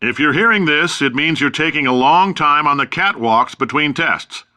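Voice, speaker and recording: A man's voice: a little high, expressive, normal speed, bright, forceful tone. An actor playing a brash, boastful middle-aged company boss with sarcastic salesman's patter in a video game. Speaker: company founder and CEO.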